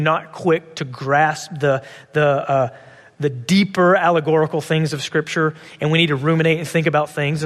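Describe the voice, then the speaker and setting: A man's voice: fairly high pitch, a bit bright, long reverb tail. A man preaching a sermon as pastor, often repeating words and asking rhetorical questions.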